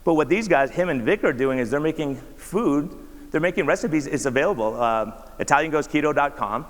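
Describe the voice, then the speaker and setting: A man's voice: a little high, expressive, a little fast. A man, a doctor, giving a conversational talk with slides, often asking the audience rhetorical questions. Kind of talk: conference presentation with slides. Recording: reverberant hall.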